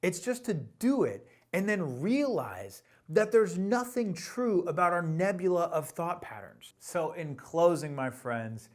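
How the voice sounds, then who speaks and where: Male motivational sales coach, emphatic and exhorting, lively pitch swings. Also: measured pace, few pauses. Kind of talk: motivational talk to camera.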